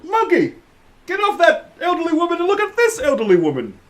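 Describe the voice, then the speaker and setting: A man doing a brash, very high, boastful adventurer. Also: wildly swooping pitch, brisk, a little hiss or hum, full character voice.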